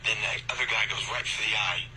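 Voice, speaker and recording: A man's voice: fairly low pitch, steady tone, fast. A man narrating footage in a matter-of-fact way. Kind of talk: clip narration. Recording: noisy, radio-like clip audio.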